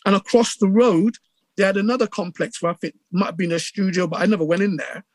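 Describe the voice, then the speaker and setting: A middle-aged man with a Bristol accent, telling stories in a casual interview with lively acted-out quotes and many restarts. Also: sits high, fast, no echo. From England. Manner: animated storyteller, acts out quotes, many restarts. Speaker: radio DJ guest.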